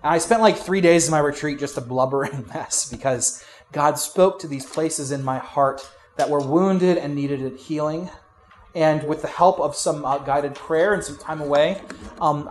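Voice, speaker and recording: Higher-voiced man preaching a sermon. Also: moderate pace. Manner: conversational preaching with frequent fillers and restarts; swings between loud emphasis and quiet asides. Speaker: pastor.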